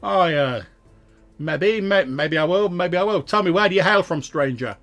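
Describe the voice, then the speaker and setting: Man putting on a wary gruff old farmer. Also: expressive, normal speed, faint music behind. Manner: higher, louder voice with stammers. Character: wary middle-aged male farmer with musket.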